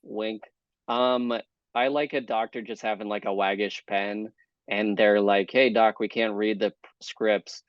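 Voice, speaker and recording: Low-voiced comedian, dull lo-fi sound. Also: male voice, fairly even intonation, measured pace, no room sound. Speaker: guest comedian. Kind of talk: casual comedy chat.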